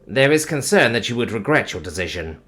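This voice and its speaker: Guy doing a stiff formal robot, no contractions, kinda caring, swoopy pitch. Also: sing-song, fairly quick, a bit bright, soft background music. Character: literal-minded caring robot alien.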